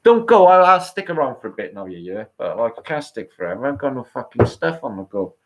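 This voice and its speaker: A man in the middle of a late-night livestream, reading out comments and answering them in a loose, rambling way. He swears freely and talks straight to his audience. His voice sits at an ordinary middle pitch. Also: big pitch swings, brisk. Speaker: livestream host.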